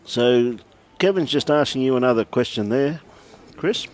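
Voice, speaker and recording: Calling a lawn bowls match live, an Australian commentator keeps things chatty and joking, laughing, welcoming viewers and addressing everyone as mate. His medium-pitched voice is animated and a little mellow, delivered at normal speed.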